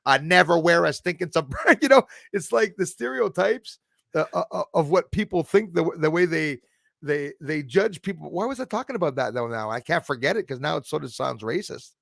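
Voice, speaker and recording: A man's voice: fairly high pitch, lively intonation, a little fast, vocal fry, no room sound, studio quality. A man who is a comedian hosting a live stream, chatting in a jokey, rambling way and laughing at his own lines. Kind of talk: casual live-stream chat.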